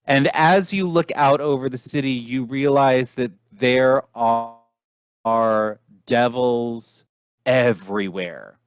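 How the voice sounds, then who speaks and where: Slow-talking man game master. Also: mid-range voice, smooth, no room sound. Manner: slow, halting descriptive narration. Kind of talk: narrating a tabletop game. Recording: dull lo-fi dry sound.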